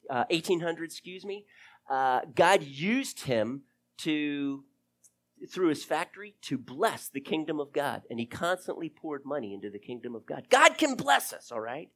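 A pastor preaches to his congregation at normal speed in a slightly high voice. He animatedly acts out prayers and conversations, sometimes dropping to a hush.

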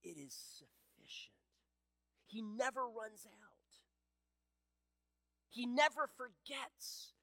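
Male pastor, sermon delivery, animated intonation, dry close sound, swings from fervent to hushed. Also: extremely high pitch, takes it slowly, gravelly, long pauses, dry recording, rough recording. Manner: impassioned, swings between loud emphasis and hushed softness; repeats words while building a point.

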